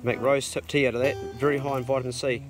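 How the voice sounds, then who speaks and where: Music runs under this middle-aged man's voice as he hosts a casual vlog outdoors on his rural farm, which he owns. He speaks quickly in a level, mid-range tone, bluntly and with easy profanity.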